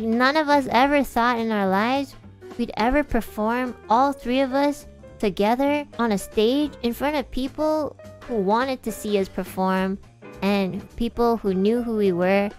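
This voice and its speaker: A woman's voice: fairly high pitch, clean tone. A woman livestreamer in casual chat, rambling with lots of "like" and swearing freely, emotional and sometimes cracking.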